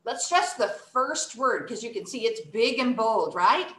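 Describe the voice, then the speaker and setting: Woman teacher, expressive, acts out emotions, slow deliberate delivery, roomy echo. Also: fairly high pitch. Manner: expressive, animated, demonstrates emotions and stress. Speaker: workshop teacher. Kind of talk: online English lesson for children.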